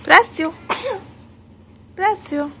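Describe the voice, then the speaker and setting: A woman's voice: very high voice, drawn-out words, a bit bright, a little hiss or hum. A woman talking baby talk to her little son at home, coaxing and sing-song with gasps of delight, recorded on a home video camera. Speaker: mother filming her baby. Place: indoors at home, child's room.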